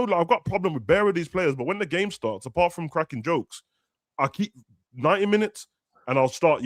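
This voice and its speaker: A man's voice: a little high, expressive, fairly quick, no echo. A young man, chatting casually and ranting animatedly as a football podcast host. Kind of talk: casual chat.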